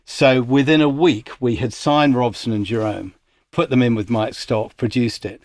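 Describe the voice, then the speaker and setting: A man's voice: mid-range voice, moderate pace, no room sound. A man who works as a music industry executive, telling stories as a podcast guest and livening up when he quotes others. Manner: anecdotal, animated when quoting others. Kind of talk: casual storytelling interview.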